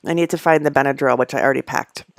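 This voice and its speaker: A woman's voice: extremely low pitch, fairly even intonation, racing, gravelly, no echo, clean studio sound. A middle-aged woman hosting a casual live stream from her home, rambling through asides and laughing often. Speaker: host of a live knitting stream. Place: at home among packed belongings.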